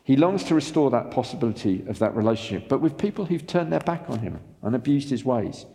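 A man preaching a sermon as pastor, animated and asking the congregation rhetorical questions. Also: mid-range voice, fast, vocal fry, big-room sound.

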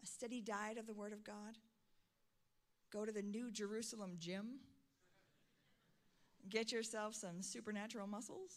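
A middle-aged woman pastor preaching a sermon, swinging from soft, intimate lines to loud, emphatic calls. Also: medium pitch, fairly even intonation, normal speed, long pauses.

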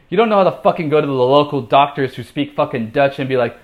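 A young man telling a crude, profane personal story in casual talk, swinging from low, deflated muttering to panicked high yelps. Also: animated, fast talker, few pauses.

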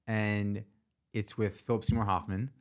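A man's voice: lowish voice, level tone, unhurried. A man hosting a casual podcast, enthusiastic and swearing freely as he retells a movie scene. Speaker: podcast host. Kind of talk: casual chat.

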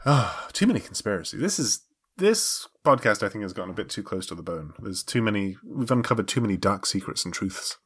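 A man's voice: fairly low pitch, expressive, brisk, breathy edge. A man co-hosting a podcast, chatting casually with jokey, rambling asides. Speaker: podcast co-host. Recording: loud background noise.

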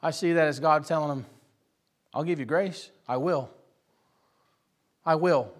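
A young man preaching a sermon to a congregation in a church, moving between quiet personal stories and loud, impassioned exhortation. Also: fairly high pitch, a little slow. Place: church hall with live congregation.

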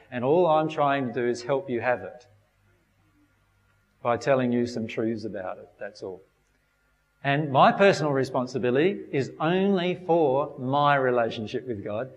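A man gives an informal spiritual talk to a group, speaking conversationally and checking in with his listeners as he goes. His voice sits at an ordinary pitch. The recording is dull and muffled, and his words ring out with a long hall echo. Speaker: spiritual teacher.

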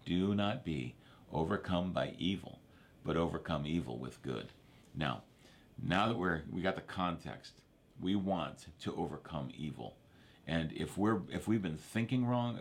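Low-voiced male pastor, chatty sermon delivery, checks in with listeners. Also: creaky. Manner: repeats verses, asks for amens, conversational preaching.

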